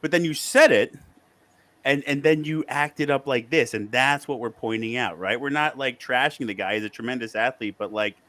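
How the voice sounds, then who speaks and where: A man's voice: mid-range voice, moderate pace, a bit bright, dry recording. A man hosting a podcast in casual chat, speaking emphatically and a little apologetically. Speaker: podcast host.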